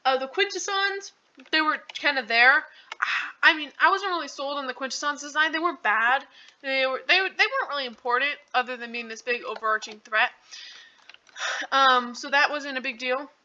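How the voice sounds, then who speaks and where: A woman's voice: sits high, normal speed, bright, forceful tone. A woman recapping a movie in a casual, rambling way, full of "um" and "like". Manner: rambling, heavy on fillers and "like". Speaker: channel host. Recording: dull lo-fi recording.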